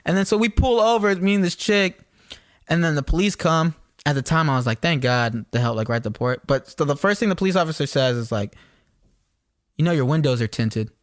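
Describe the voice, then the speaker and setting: A man's voice: on the high side, a little fast, dry recording, clean studio sound. A young man, co-hosting a podcast and telling casual stories with lots of swearing. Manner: swearing, animated storyteller. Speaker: podcast co-host. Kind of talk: casual storytelling chat.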